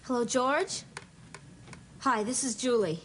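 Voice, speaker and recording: A woman's voice: on the high side, slow. An actress playing an awkward teenage girl who talks in dry, self-deprecating quips, in 1980s sitcom style. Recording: noisy old TV sitcom audio.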